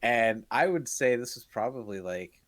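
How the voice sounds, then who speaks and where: A man's voice: medium pitch, animated, moderate pace, dry recording. A young man telling a casual, profane story on a podcast, laughing through his punchlines. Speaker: podcast co-host.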